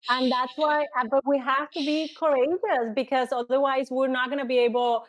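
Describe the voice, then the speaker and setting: A woman's voice: high voice, steady tone, moderate pace, no echo. A woman guest, a community organizer from Puerto Rico, making her points earnestly in long run-on sentences. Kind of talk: earnest conversation.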